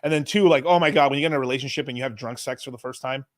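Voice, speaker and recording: Fast-talking profane podcast host man. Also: medium pitch, dry recording, clean studio sound. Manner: rambling, profane, animated storytelling. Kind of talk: casual crude chat.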